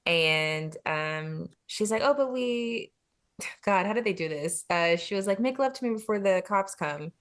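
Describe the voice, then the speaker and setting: A woman's voice: medium pitch, expressive, a little slow, fairly bright tone. A woman co-hosting a film podcast, casually retelling the plot and often laughing. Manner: laughs often, retells scenes with playful voices. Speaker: podcast co-host. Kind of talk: casual film review chat.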